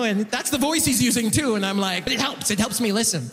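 A man performing a loud, animated stand-up comedy set in a large concert hall, acting out characters in his stories. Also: extremely high pitch, takes it slowly, long pauses, a little hiss or hum. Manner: animated, loud jokey delivery with voiced characters. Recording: live hall recording with reverb. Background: audience laughter.

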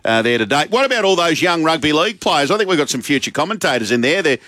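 A man's voice: on the high side, fast. An Australian man hosts a sports radio show in an easygoing, matey way. He talks close to the mic, with a dry studio sound and no room echo. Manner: relaxed, matey. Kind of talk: casual radio chat.

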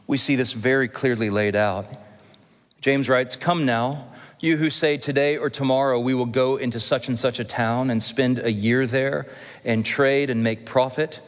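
A male pastor preaching an earnest expository sermon, slowing down to stress key phrases. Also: medium pitch. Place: church sanctuary. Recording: long hall reverb.

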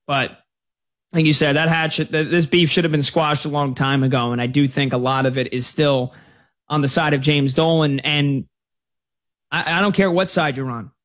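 A man hosting a sports talk radio show, his voice sitting a bit on the high side. He talks in a loose, conversational way, telling stories and taking callers. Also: normal speed. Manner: conversational, lively storytelling.

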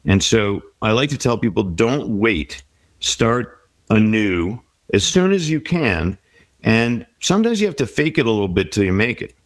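A man's voice: on the low side, lively intonation, moderate pace, dry recording. A middle-aged man speaking as an interview guest, reflective and encouraging as he gives life advice. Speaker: guest author. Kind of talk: conversational interview.

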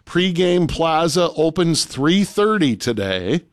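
A male radio co-host whose voice sits a touch high. He reels off times, prices and parking details in a brisk, matter-of-fact list. The sound is dry and close, with no room around it. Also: very animated, no echo. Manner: reads event details in a brisk, listy way. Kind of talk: casual radio chat and announcements.

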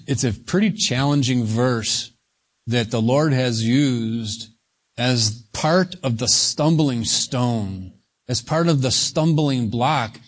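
Slow, emphatic male preacher. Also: mid-range voice. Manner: slow, emphatic, stresses single words. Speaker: pastor. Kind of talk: sermon.

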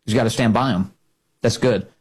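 A man's voice: lowish voice, a little fast, husky. A man hosting a talk radio show, giving opinionated, sarcastic commentary and mocking others in put-on voices.

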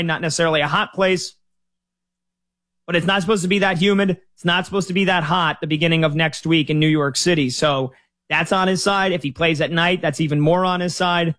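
A man's voice: fairly high pitch, a bit bright. A man talking casually as a sports betting analyst, weighing picks in a loose conversational way with frequent filler words and restarts.

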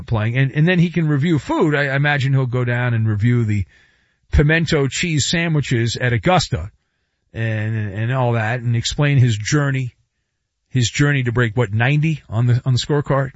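A man's voice: medium pitch, normal speed, no echo. A man hosting a sports talk radio show, riffing in a sarcastic, mock-dramatic way into a studio microphone. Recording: dull, dry studio sound.

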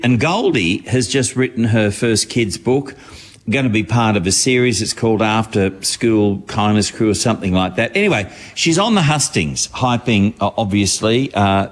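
A man's voice: medium pitch, expressive, normal speed. A man chatting wryly on the radio as a regular showbiz correspondent. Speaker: entertainment correspondent. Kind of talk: casual radio chat.

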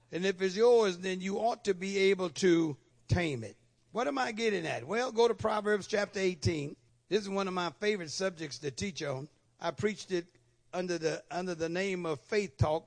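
A pastor preaching a Sunday morning sermon in church, calling on the congregation for amens. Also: male voice, high voice. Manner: call-and-response preaching, asking for amens.

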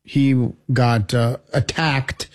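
A man co-hosting a radio show, telling quick stories in a jokey, chatty way. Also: medium pitch, level tone. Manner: jokey storyteller. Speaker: radio co-host. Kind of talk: casual radio chat.

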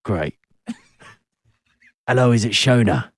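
A man doing a husky action-star impression as a radio prank, low and jokey. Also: expressive, slow pace, no room sound, clean studio sound. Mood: jovial. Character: gruff charming British action star, male.

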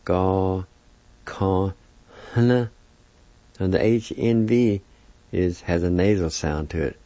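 A man with a very low, dark voice gives a patient, unhurried language lesson. He breaks each word into syllables and repeats them. The recording is dry and dull, like an old radio broadcast. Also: no echo. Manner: patient, spells out sounds syllable by syllable. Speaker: language teacher. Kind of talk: slow spoken word lesson.

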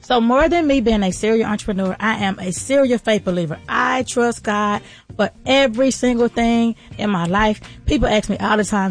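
A woman's voice: on the high side, moderate pace, faint music behind. A woman hosting a motivational, faith-based talk show, speaking in a casual, folksy, preacher-like way. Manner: fervent, preacher-like encouragement. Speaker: podcast host and entrepreneur.

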